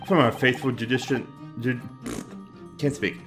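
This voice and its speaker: A man voicing a confident young man who teases his friend in a calm, dry manner. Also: mid-range voice, unhurried, music in the background, lightly acted. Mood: teasing.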